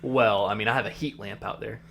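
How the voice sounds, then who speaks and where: A man's voice: on the low side, steady tone, brisk, creaky, a bit bright, a little hiss or hum. A man co-hosting a podcast, recapping an anime episode in a rambling, casual way with lots of fillers. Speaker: podcast co-host.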